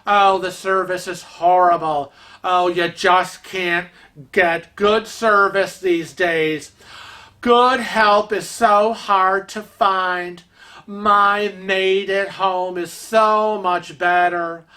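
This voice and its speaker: A man's voice: high-pitched, fairly even intonation, very slow, pushed and bright, heavily acted. A man voicing a snooty, entitled rich woman on a cruise who complains in a haughty, whiny way.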